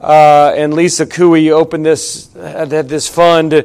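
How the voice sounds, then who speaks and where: A pastor talks to his congregation in a conversational way. His voice sits a little high and sounds smooth and resonant. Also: level tone, slow, darkish tone. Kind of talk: sermon announcements.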